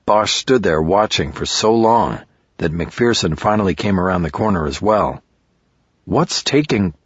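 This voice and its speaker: A male audiobook narrator with a deep, husky voice, reading in a steady, measured way. The recording is dry and a little dull. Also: no echo. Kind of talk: scripted narration.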